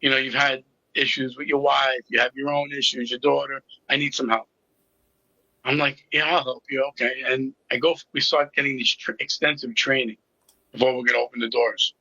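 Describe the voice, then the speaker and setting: A man's voice: mid-range voice, level tone, brisk, sharp tone, slightly rough, no room sound, muffled recording. A middle-aged man telling his personal story as an interview guest, candid and with a sarcastic sense of humor. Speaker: interview guest, recovery coach.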